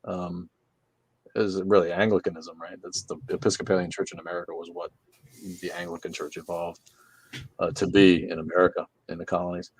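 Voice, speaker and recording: A man's voice: sits low, flat delivery, a little fast, husky, no echo. A man hosting a casual livestream from his room, reading viewer comments aloud and answering them with sarcastic, profane jokes. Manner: sarcastic, joking, swears freely.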